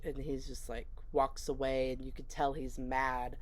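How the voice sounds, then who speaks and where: A woman's voice: very deep voice, level tone, unhurried. A woman casually recapping a movie she watched, chatty and rambling, with lots of fillers. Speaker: movie reviewer.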